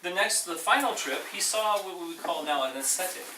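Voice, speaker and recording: A man, a Buddhist minister, telling a story to a small group in a relaxed, animated way that acts out the quotes. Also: high-pitched, brisk. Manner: casual, animated, acting out quotes. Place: room with a small audience. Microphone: distant room mic. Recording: echoey room, far mic, background noise.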